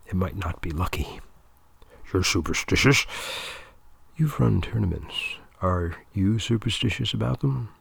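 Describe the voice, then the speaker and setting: Man playing a stern older director, hushed, formal, husky, dry. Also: deep voice, animated, unhurried, dry recording, heavily acted. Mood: measured. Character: older male tournament director, measured and stern.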